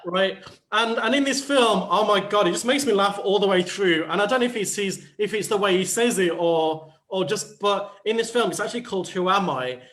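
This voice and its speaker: High-voiced man, reflective coach. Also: fairly quick, a bit bright. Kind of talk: panel talk show chat.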